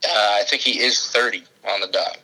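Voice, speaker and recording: A young man co-hosting a sports podcast, excitable and emphatic, often throwing in "dude" and "man". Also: lowish voice, brisk, breathy edge, low-quality recording. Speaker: podcast co-host. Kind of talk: casual sports chat.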